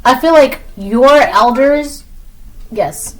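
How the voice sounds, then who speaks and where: A woman's voice: high voice, lively intonation, slow pace, faint music behind, rough recording. A woman giving a casual tarot reading, chatty and repetitive, often ending lines with "right?". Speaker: tarot reader.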